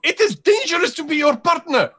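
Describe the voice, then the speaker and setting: A man voicing an excitable, scheming male carnival showman in a tabletop game, with high, clipped, broken phrasing. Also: a little fast, heavily acted.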